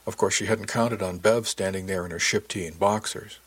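A man narrating a first-person novel in a calm, measured way. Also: sits low, slightly rough.

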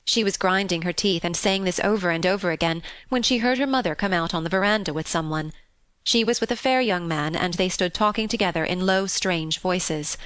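A woman reading a classic children's novel aloud in a calm, steady and expressive narration. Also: fairly low pitch, smooth, no echo. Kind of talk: scripted storybook narration.

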